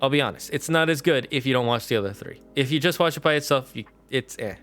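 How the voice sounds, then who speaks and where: Casual male streamer, animated and chatty, smooth voice over faint music. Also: mid-range voice, quick pace. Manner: animated, chatty, talks to chat mods. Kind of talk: casual livestream chat.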